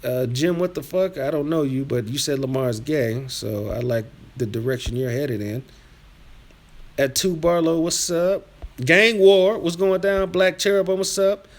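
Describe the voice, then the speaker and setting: A man hosting a live stream, reading chat aloud and trash-talking viewers in a combative, rambling rant that drops to mutters and rises to yelling. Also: measured pace. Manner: swings from low muttering to loud yelling. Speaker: livestream host reading chat.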